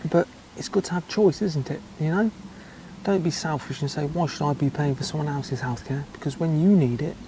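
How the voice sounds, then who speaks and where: A man's voice: on the high side, a little fast, dark tone, a little hiss or hum, low-quality recording. An English man talking casually in a vlog, with dry, chatty asides. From England. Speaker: travel vlogger.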